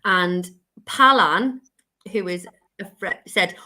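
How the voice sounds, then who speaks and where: A woman hosts a relaxed chat show. Her voice is bright and forceful, and she talks in long rambling runs with frequent laughs. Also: medium pitch, moderate pace. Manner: chatty, rambling, laughs often. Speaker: co-host.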